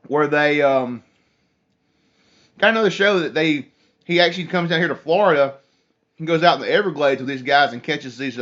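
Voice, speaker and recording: A man's voice: medium pitch, fairly bright tone. A young man, hosting a casual phone livestream, telling a rambling story and reading viewer comments aloud. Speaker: livestream host. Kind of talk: casual live chat with viewers. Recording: dull lo-fi phone stream audio.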